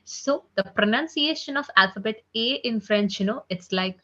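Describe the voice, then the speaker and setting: A woman teaching an online French class, chatty with many "you know, like" fillers, drilling each sound slowly and repeating it. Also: fairly high pitch, expressive, sharp tone. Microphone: computer mic on a video call. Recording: slightly dull lo-fi call audio.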